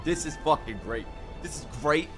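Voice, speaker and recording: A young man reacting to an anime episode, excitable and profane, often shouting and laughing. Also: fairly high pitch, moderate pace, over music. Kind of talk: live reaction commentary. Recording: anime audio playing loudly behind.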